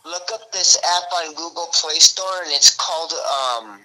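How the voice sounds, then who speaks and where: Male radio host, rambling banter, very bright tone. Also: a little high, steady tone, a little slow, low-quality recording. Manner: joking, rambling. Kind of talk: casual on-air banter.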